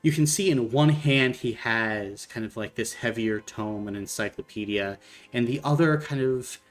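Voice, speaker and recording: A man narrating scenes as the game master of a tabletop role-playing game. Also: medium pitch. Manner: unhurried descriptive narration. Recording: faint background music.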